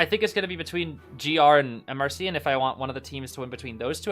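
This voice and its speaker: A man casually co-watching an esports final, reacting excitedly and often saying "bro". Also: medium pitch, quick pace, few pauses, soft background music. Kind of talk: casual live watch-along commentary.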